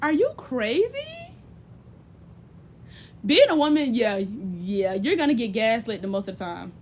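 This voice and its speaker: A young woman giving blunt, profane, big-sister advice in casual chat, animated and often mimicking other people's voices. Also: a little high, unhurried. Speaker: livestream host.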